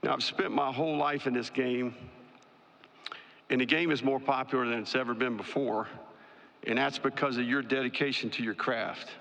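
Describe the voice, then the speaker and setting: A man, a college football head coach, giving prepared press conference remarks in a measured, emphatic, list-like way. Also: mid-range voice, steady tone, creaky, fairly bright tone. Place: large media day ballroom. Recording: long reverb in a large hall.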